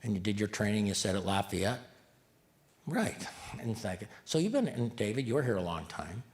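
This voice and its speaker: A man's voice: on the low side, big pitch swings, normal speed. A man giving a live community talk, joking and putting questions to the audience. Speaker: community speaker.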